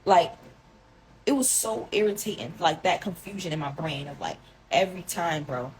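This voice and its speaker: A young woman telling a long personal story to her viewers in a casual, rambling way, full of "like" and slang, often dropping into a hushed tone. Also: fairly low pitch, lively intonation, normal speed, low-quality recording. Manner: rambling, heavy filler "like", emotional, addresses viewers as y'all. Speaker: storyteller recounting a relationship.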